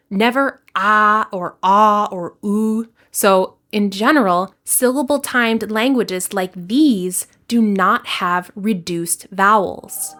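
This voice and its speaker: An American woman teaching English, her voice sitting a little high. She takes her time over every word and lays out each point clearly and deliberately in a scripted lesson. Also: fairly bright tone.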